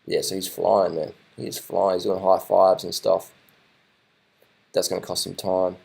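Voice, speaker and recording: Rambling man, low voice. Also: moderate pace, vocal fry, slightly rough, low-quality recording. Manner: excitable, rambling, swears casually, repeats himself. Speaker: vlogger commenting on race footage. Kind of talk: casual live commentary over video.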